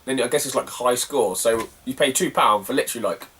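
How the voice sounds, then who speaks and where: A man's voice: medium pitch, brisk, fairly bright tone, distant mic. A young man, telling a rambling, slangy story as a retro gaming vlogger and laughing often between phrases. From Cornwall, England. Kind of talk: casual rambling anecdote.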